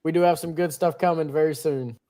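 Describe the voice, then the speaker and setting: A man's voice: fairly high pitch, fairly even intonation, fairly quick, warm tone. A man on the company team, patiently explaining things to viewers on a livestream. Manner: patient, reassuring, explains plainly. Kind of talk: casual chat on a livestream.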